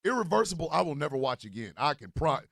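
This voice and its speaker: A man telling a comic story as a podcast host. He swings from low mutters to loud outbursts. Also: big pitch swings, fast talker, vocal fry, very noisy. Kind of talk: comedic storytelling monologue.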